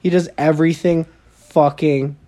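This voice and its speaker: Laid-back profane young man with a mellow voice. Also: a little high, steady tone, unhurried. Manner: profane, joking, bro slang. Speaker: podcast co-host. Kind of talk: casual chat.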